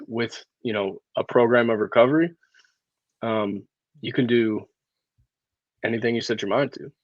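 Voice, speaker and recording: A man's voice: lowish voice, dry recording, dull audio. A man as a guest in a casual interview, speaking earnestly and repeating words as he builds his point. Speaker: guest, sober living founder.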